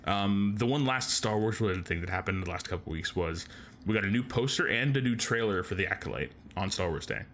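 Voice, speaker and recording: A man's voice: lowish voice, animated, brisk, a bit bright, slight background noise. Chatty rambling male podcast host. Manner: rambling, many "like" fillers; enthusiastic fan. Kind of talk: casual chat.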